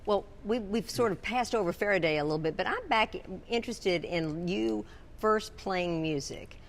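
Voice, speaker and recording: A woman's voice: mid-range voice, moderate pace. A woman interviewing a guest, asking conversational questions and affirming his answers.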